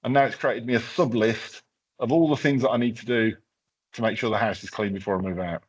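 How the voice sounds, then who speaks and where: Here the workshop presenter's voice is husky and medium in pitch, moving fairly quickly. He chats casually through a live tech demo, full of fillers and restarts, captured on a slightly dull lo-fi recording.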